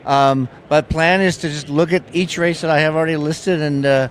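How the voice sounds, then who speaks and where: A man being interviewed as a betting-contest player, talking in a halting way with frequent restarts. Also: on the high side, fairly even intonation. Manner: halting, stumbles over words. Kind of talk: casual interview.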